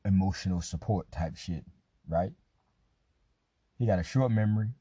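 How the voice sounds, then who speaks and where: A man's voice: low voice, warm tone, husky, no room sound. A man hosting a podcast in a loose, profane, joking monologue. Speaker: podcast host. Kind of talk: casual monologue.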